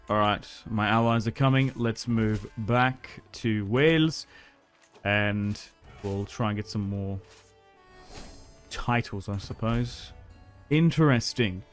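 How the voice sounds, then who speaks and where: Chatty man commentating a strategy game. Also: mid-range voice. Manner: upbeat, chatty, laughs often. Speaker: gaming YouTuber.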